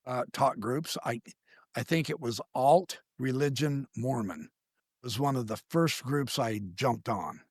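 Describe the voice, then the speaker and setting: A middle-aged man telling his story as a guest in an interview, animated and stammering as he acts out the voices of other people. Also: medium pitch, no echo, studio quality.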